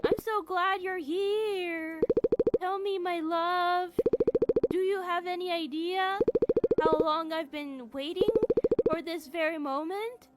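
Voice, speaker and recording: A woman voicing an eerie female mermaid who speaks in a slow, honeyed, unsettling way. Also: extremely high pitch, steady tone, heavy background noise, voice pushed up.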